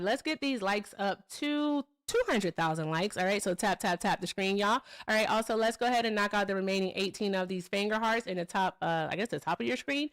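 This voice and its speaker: A woman hosting a live call-in debate stream from a home setup, combative and mocking toward her callers. She repeats her points and pushes hard, in a mid-range voice. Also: medium pitch. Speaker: livestream political debate host.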